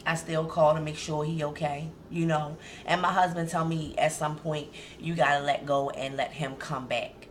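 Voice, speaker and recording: A woman's voice: sits low, little pitch movement, normal speed, hardly any pauses, slight background noise. A woman with a Baltimore accent, co-hosting a casual radio talk show and repeating key phrases for emphasis.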